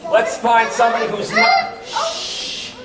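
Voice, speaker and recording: A man acting as an extension educator leads young children through a playful gardening routine, teasing and prompting call-and-response. His voice is high and very animated at a measured pace; the far-off recording of the echoey indoor hall has heavy background noise from loud children.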